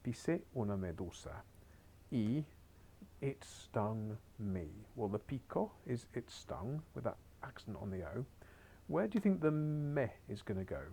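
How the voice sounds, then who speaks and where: A man's voice: mid-range voice, very animated, unhurried, creaky, mellow, a little hiss or hum. A man teaching a beginners' Spanish lesson on a recorded screen share, chatty and encouraging with wry asides.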